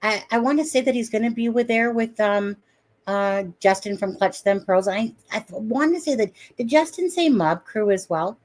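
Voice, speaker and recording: A woman's voice: on the high side, moderate pace, a little mellow. A woman on a live stream giving blunt, indignant commentary, swearing freely as she picks apart a case. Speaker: guest commentator.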